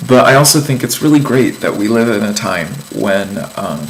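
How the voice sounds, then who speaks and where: A man's voice: fairly low pitch, animated, moderate pace, slight background noise, poor audio. A man giving a casual vlog life update, telling a story in a chatty, meandering way with lots of ums and likes. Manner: amused storytelling. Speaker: vlogger.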